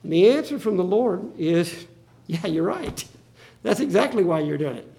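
A man's voice: high voice, sing-song, normal speed, vocal fry, mellow. A male pastor preaching a sermon, acting out the Bible quotes with drama.

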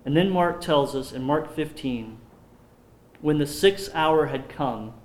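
A man preaching a sermon, slowing down when he reads scripture aloud. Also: a little high, animated, roomy sound. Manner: slows down to read scripture aloud.

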